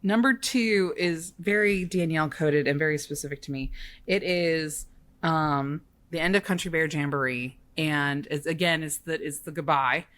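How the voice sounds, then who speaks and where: A woman's voice: low-pitched, normal speed. A woman co-hosting a podcast, chatting casually and gushing about what she loves. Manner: gushing, animated. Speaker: podcast co-host. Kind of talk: casual chat.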